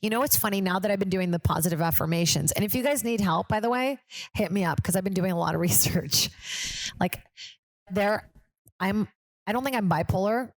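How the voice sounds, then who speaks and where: A woman's voice: medium pitch, fairly quick, no room sound. A woman in her thirties hosting a comedy podcast, rambling along casually and slipping into quoted voices. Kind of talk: casual chat.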